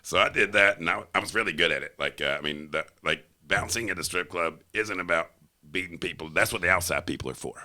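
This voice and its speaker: A man, a podcast guest, telling stories in a casual, animated way and acting out the quotes. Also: low voice, fast. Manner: animated, laughing storyteller who acts out quotes. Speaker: podcast guest, former strip club bouncer. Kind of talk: casual storytelling.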